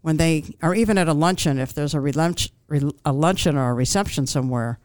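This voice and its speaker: A woman speaking as a grief counselor guest in an interview, giving calm, reassuring advice with frequent ums and restarts. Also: deep voice, a little fast, dry recording.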